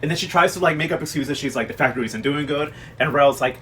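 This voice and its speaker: A man casually recapping a TV drama in a gossipy, animated way, acting out the characters' lines as he goes. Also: fairly high pitch, fast talker, few pauses, slight background noise. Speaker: host recapping a TV novela. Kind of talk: casual chat.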